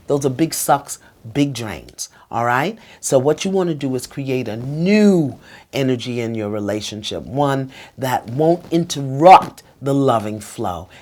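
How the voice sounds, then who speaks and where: Middle-aged female advice host, very deep voice, emphatic and preachy, dips to a hush. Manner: emphatic and preachy, drops to a soft whisper when speaking the phrases. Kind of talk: talking straight to the viewer with tips.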